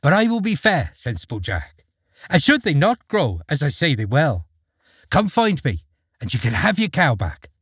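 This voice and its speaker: A wheedling old storybook trickster who coaxes with quaint country phrasing, as a man acts him out. The voice is husky and swings widely in pitch, recorded close and dry. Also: wildly swooping pitch, normal speed, fairly bright tone, dry recording, exaggerated voice. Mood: coaxing. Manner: coaxing, old-fashioned country talk. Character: sly, wheedling old man peddling beans.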